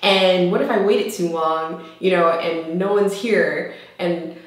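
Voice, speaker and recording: A young woman chats to her camera, telling a story in an easy, animated way. She jumps high in pitch when she mimics what people said. Her voice rings out in a very echoey room. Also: slow pace. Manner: chatty and animated, acting out quoted lines in a high voice. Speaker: vlogger.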